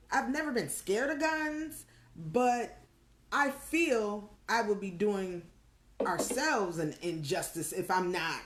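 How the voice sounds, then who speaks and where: Chatty woman on an echoey video call. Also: on the low side. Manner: animated storyteller, acts out quotes. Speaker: co-host of a live call-in show. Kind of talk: casual chat, storytelling.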